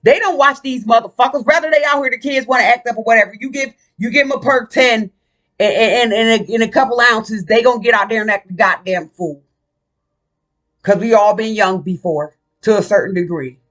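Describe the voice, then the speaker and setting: A woman vlogger delivering a casual, ranting monologue. Her voice is bright and tense, and she talks in a blunt, profane, combative way. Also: a little high, brisk.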